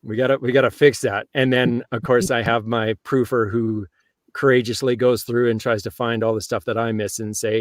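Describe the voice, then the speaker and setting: A man's voice: mid-range voice, level tone, moderate pace, dry recording, studio quality. A man with a Canadian accent, an audiobook narrator and co-host, talking in a chatty, good-humoured way and laughing easily. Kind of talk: casual chat.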